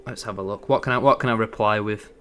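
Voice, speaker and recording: An excitable man giving gloating, bantering live commentary as a football fan on a match watchalong stream. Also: on the low side, fast.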